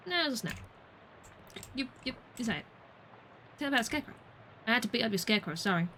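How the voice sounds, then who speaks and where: A woman's voice: fairly high pitch, animated, fast, pauses often, bright, forceful tone, a little hiss or hum, rough recording. A woman chatting playfully through a video game on a livestream, muttering to herself and playing with words. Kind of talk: gaming livestream commentary.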